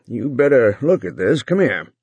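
A man voicing a tired, gruff middle-aged male company boss who speaks curtly and bitingly. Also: medium pitch, very animated, moderate pace, a little mellow, no room sound, muffled recording, pitched above the performer's own voice. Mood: irritated. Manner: curt, biting.

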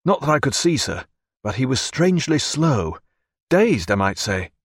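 A man's voice: medium pitch, sing-song, moderate pace, no echo, studio quality, voice pushed up. A man voicing a polite, earnest young officer who addresses his superior deferentially and sounds anxious.

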